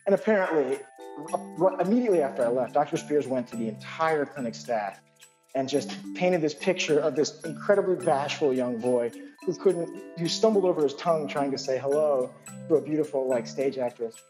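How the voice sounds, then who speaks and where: A male physician telling a personal anecdote in an animated, self-deprecating way, full of asides. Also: on the high side, brisk, music in the background.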